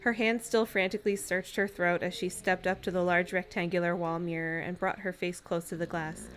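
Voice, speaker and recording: A woman co-hosting a comedic book-reading podcast, with giggly quick reactions, over a video call. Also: on the low side, level tone, a bit bright, clean tone. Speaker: podcast co-host.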